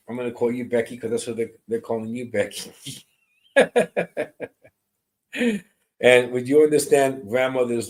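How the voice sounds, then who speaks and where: A man working as a medium on a live stream, greeting viewers by name and describing spirit messages in a soft, reassuring way. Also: mid-range voice, rough recording.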